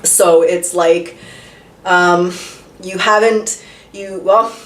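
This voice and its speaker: A woman reads tarot very slowly in a low, steady voice, keeping things casual and conversational. Rhetorical questions come often, along with the occasional swear word. Her voice echoes in the room and sits a bit away from the mic.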